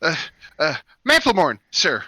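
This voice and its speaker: A man's voice: on the high side, huge pitch swings, measured pace, pushed and bright, no echo, full character voice. A man voicing a dutiful young female soldier who talks politely and a little flustered. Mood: earnest.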